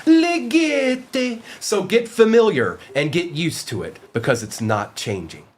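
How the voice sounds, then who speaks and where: A man's voice: mid-range voice, huge pitch swings, normal speed. A man hosting a live card-break stream, calling out cards while chatting and joking with his viewers. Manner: joking, playful asides to chat.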